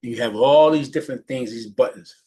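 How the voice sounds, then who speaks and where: A man giving a motivational teaching talk as a leadership mentor, animated and often restarting his phrases. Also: brisk, husky. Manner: animated, restarts phrases often, jumps high when imitating others.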